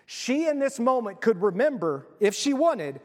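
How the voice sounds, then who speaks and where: A man's voice: very high-pitched, big pitch swings, moderate pace, big-room sound. A middle-aged male pastor preaching a sermon in a conversational, emphatic way.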